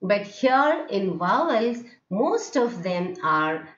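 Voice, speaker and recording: A woman's voice: mid-range voice, sing-song, takes it slowly, fairly bright tone. A woman teaching English phonetics in a recorded lecture, talking in a hesitant way with many fillers and restarts and checking in with "okay?". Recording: dull, lo-fi, roomy recording.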